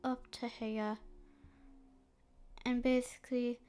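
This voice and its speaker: A woman narrating a map history video in a slow, hesitant way, with a stuffy, snotty nose and frequent fillers. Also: on the high side, level tone, darkish tone, clear, resonant tone.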